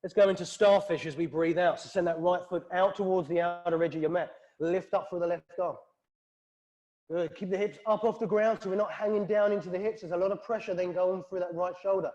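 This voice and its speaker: A British man with a high voice leads a flowing yoga class. He calls out poses in time with the breath, calm and steady, in a studio. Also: a little fast, lo-fi sound. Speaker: yoga instructor. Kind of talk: guided yoga class cues.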